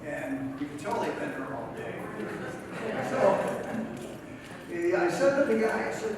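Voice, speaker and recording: A man's voice: a little high, sing-song, unhurried, long pauses. A middle-aged man giving a rambling acceptance speech full of stories, chatty and chuckling as he talks. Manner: chatty, storytelling, chuckles often. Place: large event hall. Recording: echoey hall from far off, room noise.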